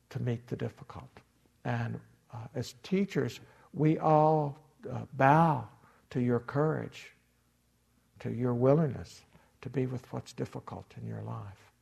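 A man giving a dharma talk as a meditation teacher, unhurried and reflective, acting out inner voices with gentle humor. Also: mid-range voice, gravelly, husky, lo-fi sound.

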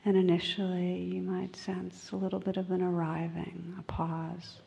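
A woman meditation teacher gives a dharma talk in a low, mellow voice with a gravelly edge. She speaks slowly with a flat, even pitch and often sinks into a soft whisper. Her voice carries a long reverb from a large meditation hall. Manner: gentle and unhurried, often dropping to a whisper.

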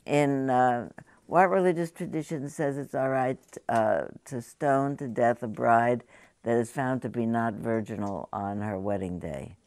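A woman meditation teacher talks to a group in a conversational, halting way, now and then asking her listeners questions. Her voice has a gravelly edge and sits at a middle pitch. The sound is dry and close, with little room echo. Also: a little mellow. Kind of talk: dharma talk to a group. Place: meditation hall.

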